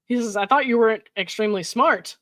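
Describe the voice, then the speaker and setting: A woman's voice: on the high side, fairly bright tone, dry recording. A woman host reading text messages aloud with casual commentary, laughing often and reacting with exasperated asides. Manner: laughs often, reads quoted texts with mock emphasis, frequent likes and ums.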